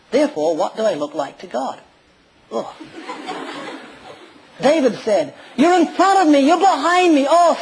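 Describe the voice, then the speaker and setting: A man preaching a sermon, animated and enthusiastic, with sudden rises and drops in loudness as he tells stories. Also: sits high, slight background noise, low-quality recording. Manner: enthusiastic, animated storytelling with sudden swings in volume.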